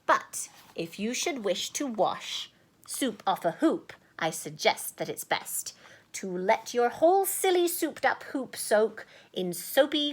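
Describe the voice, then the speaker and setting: Woman, children's book reading, playful asides, lively rising and falling pitch, unhurried. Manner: playful, chatty asides between verses; sometimes drops to a whisper.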